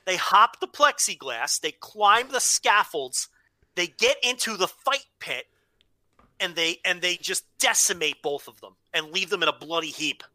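A man's voice: sits high, animated, a little slow, pushed and bright, no room sound. A man co-hosting a casual wrestling podcast, talking emphatically and playfully and repeating phrases for comic effect. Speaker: podcast co-host.

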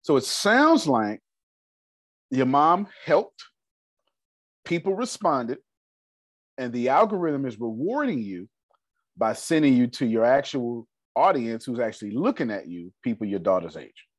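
Laughing man coaching a group, swings way up and down, husky, dry sound. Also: mid-range voice, unhurried, long pauses, dry recording. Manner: lively, playful, laughs often. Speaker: host of a finance coaching call.

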